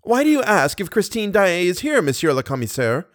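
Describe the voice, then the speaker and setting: A man voicing a flustered opera manager, high and excitable. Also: fairly quick, no room sound, clean studio sound. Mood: astonished. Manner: excitable, exasperated, high-pitched outbursts. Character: flustered middle-aged male opera manager.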